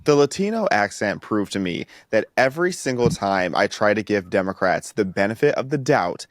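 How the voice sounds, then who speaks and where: A man appearing as a podcast guest, talking in expressive, mocking casual political chat. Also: lowish voice, normal speed, no room sound, clean studio sound.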